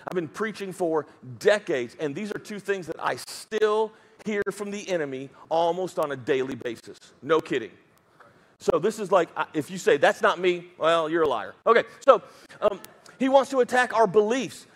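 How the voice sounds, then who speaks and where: Fast-talking high-voiced man preaching. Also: expressive, in a large hall. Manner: fast, emphatic preaching with quick asides to the congregation. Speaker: pastor. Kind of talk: sermon.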